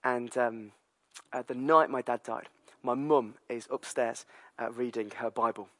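Brit pastor, 30s, bright voice, dry close sound, tells stories in a sermon. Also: male voice, medium pitch, measured pace, no room sound. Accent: British English. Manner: storytelling, lively, many fillers.

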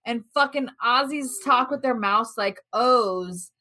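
A woman's voice: fairly high pitch, slow pace, bright, forceful tone. A young woman co-hosting a podcast in casual, brash chat, swearing freely and laughing often. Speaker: podcast co-host.

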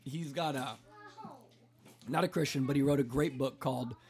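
A man's voice: medium pitch, moderate pace. A man in his thirties chats easily as a podcast host. He talks in a loose, rambling way, packing his sentences with "like" and "so". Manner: relaxed, talkative, lots of "like" fillers. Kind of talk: casual chat.

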